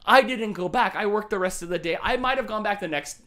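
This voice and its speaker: A man hosting a live game show, telling a rambling, self-mocking story in a casual, animated way and often laughing at himself. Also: high-pitched, a little fast.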